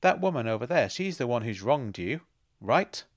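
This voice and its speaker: Man doing a dry, teasing woman friend, pitched a little higher, from a storybook reading. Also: sing-song, moderate pace. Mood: earnest. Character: sharp, dry-witted adult woman friend.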